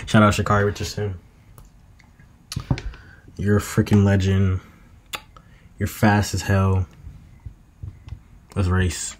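A man's voice: on the low side, monotone, slow, pauses often. A young man talking to himself late at night in a loose, meandering, slangy monologue that drifts into half-freestyled rhymes. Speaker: vlogger.

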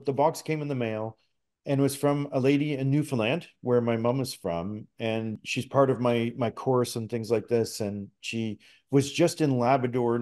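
With a mid-range, darkish voice, this middle-aged man from Canada recounts something personal as a guest on a podcast. A spirit talker, he comes across as casual and earnest, frequently starting over mid-sentence.

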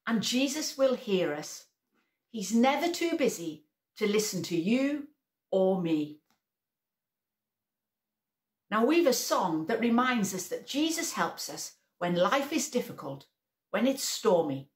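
A woman leading a preschool worship session, telling a Bible story slowly and expressively for small children. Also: mid-range voice, very animated, echoey room. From England.

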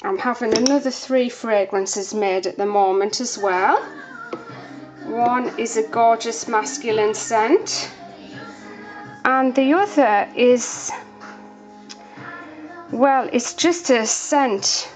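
Over music, a woman with a fairly high voice chats casually while demonstrating soap making. She sounds a bit out of breath and is unhurried and chatty, with lots of fillers.

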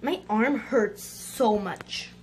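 A woman giving excitable gameplay commentary for her channel, with dramatic outbursts and moments of frustration. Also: on the high side, drawn-out words, soft background music. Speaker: gaming YouTuber.

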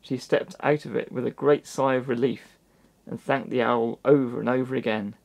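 A man reading a children's storybook aloud in a gentle manner, with little asides to the listener. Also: medium pitch, fairly even intonation, moderate pace, creaky. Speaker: storybook reader.

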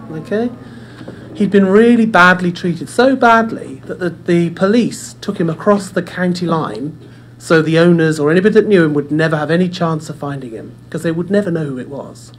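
Brief: forum presenter, conversational storyteller, middle pitch, faint room noise. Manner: chatty, repeats words, addresses audience directly. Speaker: speaker at a dementia care forum. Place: indoor room with audience.

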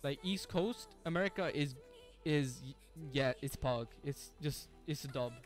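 Faint music plays behind a young male game streamer whose mid-range voice moves a little slowly. He chats casually with his viewers, using lots of slang, laughing often, and restarting his sentences.

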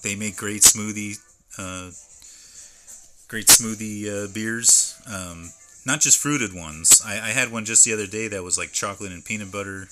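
A man's voice: on the low side, steady tone, normal speed, sharp tone, faint music behind. A man streaming live from home, chatting casually and reading labels aloud as he unboxes. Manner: rambling, stops to read can labels aloud.

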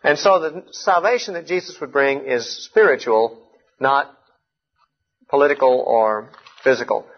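Earnest male Bible teacher, slightly husky. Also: medium pitch, unhurried. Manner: earnest, explanatory, emphatic on key points. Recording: muffled lo-fi recording.

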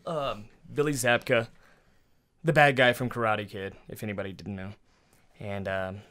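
A man's voice: on the low side, moderate pace, clean tone. A man co-hosting a casual movie podcast, talking loosely and laughing as he riffs with friends. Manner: laughing, animated, drops into mocking impressions. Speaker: podcast co-host. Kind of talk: casual movie-riffing chat.

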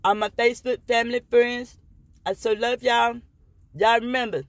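A woman's voice: on the high side, fairly even intonation, normal speed, no room sound. A woman vlogger delivering an impassioned, profane rant straight to the camera, blunt and defiant, slipping into jokes between her complaints. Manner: defiant and joking by turns.

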